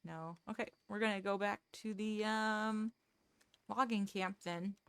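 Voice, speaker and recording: A woman's voice: mid-range voice, fairly even intonation, a little slow, smooth, no room sound. A woman chatting casually with viewers during a game livestream, rambling, restarting her sentences and laughing easily. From United States. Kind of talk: casual chat with viewers while gaming.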